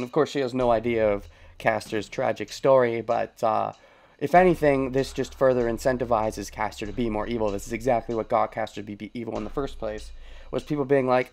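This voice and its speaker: A man's voice: medium pitch, vocal fry, darkish tone. A man hosting a let's play, thinking aloud about a story and chuckling often as he comments casually.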